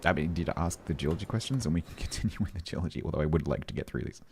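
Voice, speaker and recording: A man's voice: deep voice, animated, very fast, a little hiss or hum. A man streaming a game, chatting casually with his chat and reading update notes aloud, breaking off to joke and answer questions.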